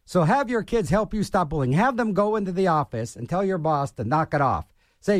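A man's voice: high voice, expressive, a little fast, dry recording, clean studio sound. A man hosting a radio show, rambling and ranting in a self-mocking way as he jumps from topic to topic. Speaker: radio DJ host. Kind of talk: rambling on-air monologue.

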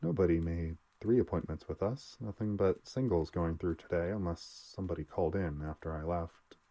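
A man's voice: low-pitched, normal speed, dark tone, dry recording. Man putting on a prim earnest young woman.

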